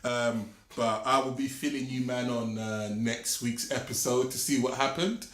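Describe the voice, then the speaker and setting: A young man with a London accent, co-hosting a podcast and telling stories in an animated, slangy way. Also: mid-range voice, normal speed. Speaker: podcast co-host. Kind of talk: casual chat. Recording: echoey room.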